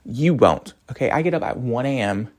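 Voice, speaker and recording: Young college guy on an animated rant, topic hopping, voice all over the place. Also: medium pitch, moderate pace. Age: young adult. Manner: animated, rambling, jumps between topics. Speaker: college student vlogger. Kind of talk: casual rant to camera.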